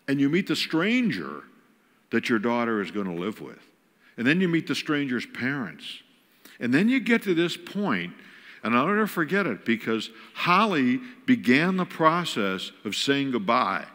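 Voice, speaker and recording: An older man with a bright, forceful voice, spinning a funny, self-mocking story for a church crowd. He acts out the scenes as he goes, and his voice rings with the long reverb of a big hall. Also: mid-range voice. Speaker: guest speaker. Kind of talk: humorous storytelling sermon. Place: large church auditorium.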